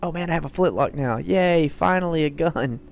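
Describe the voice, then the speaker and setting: A man's voice: a little high, normal speed, gravelly. A man streaming a video game live, talking playfully and muttering to himself as he plays. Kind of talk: live gameplay commentary.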